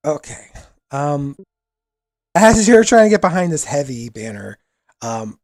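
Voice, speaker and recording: A man narrating a tabletop role-playing game as game master, relaxed and with many fillers. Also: a little high, measured pace, no echo.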